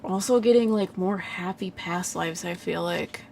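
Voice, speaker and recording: A woman's voice: fairly low pitch, unhurried, gravelly, a little mellow, a little hiss or hum. A woman giving live psychic readings in a casual livestream chat, full of "like" fillers, frequent laughs and casual swearing.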